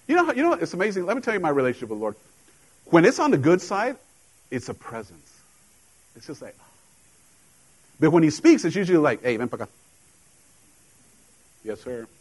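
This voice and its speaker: A man's voice: medium pitch, slightly rough, rough recording. Man preaching a casual sermon. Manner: conversational preaching, jokes and laughs with the congregation. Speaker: pastor. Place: church.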